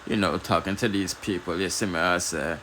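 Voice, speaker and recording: A man with a Jamaican accent hosting a casual news commentary channel, relaxed and chatty, often asking if you see what he's saying. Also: deep voice, a little fast, slight background noise, low-quality recording.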